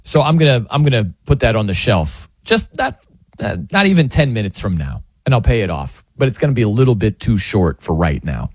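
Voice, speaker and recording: This sports radio host has a lowish, slightly rough voice and a brisk pace as he tells a jokey story in a casual monologue, animatedly acting out what people say. The recording is studio quality with no room sound.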